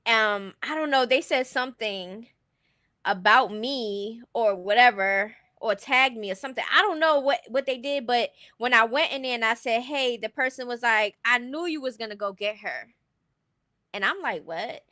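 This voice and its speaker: A woman's voice: fairly high pitch, normal speed, bright, forceful tone, no echo, clean studio sound. A woman streaming casual commentary, blunt and opinionated, often laughing as she talks.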